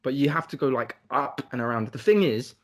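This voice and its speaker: A man's voice: medium pitch, animated, brisk. A young man co-hosting a podcast, telling a travel story in casual chat, rambling and swearing with lots of "like".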